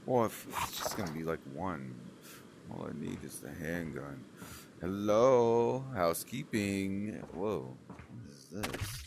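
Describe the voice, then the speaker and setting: A young man with a very low voice talks slowly through a gameplay session, cursing and complaining at the game as he plays. His words are crude and frustrated, spoken into a desk mic with noise and clicking in the background. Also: lively intonation, creaky. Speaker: gaming streamer. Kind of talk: gameplay commentary.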